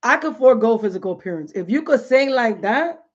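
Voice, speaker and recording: A woman's voice: on the high side, animated, a little fast. A woman in her thirties hosting a live stream from home, chatting casually and animatedly in slangy talk full of fillers. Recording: dull lo-fi stream audio.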